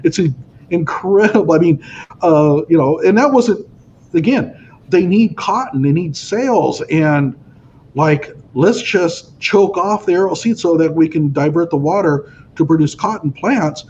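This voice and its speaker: Man, slightly higher voice, emphatic and opinionated, muffled lo-fi sound, faint hiss. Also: lively intonation, unhurried, darkish tone. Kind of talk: casual discussion. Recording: dull lo-fi audio with faint noise.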